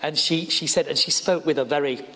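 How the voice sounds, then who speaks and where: A man's voice: a little high, brisk, sharp tone. Middle-aged northern english guy preaching, earnest stories, long echo from a chapel hall. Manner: earnest storytelling, rising to emphatic peaks. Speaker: evangelist preacher. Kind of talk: sermon. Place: college chapel. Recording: reverberant hall.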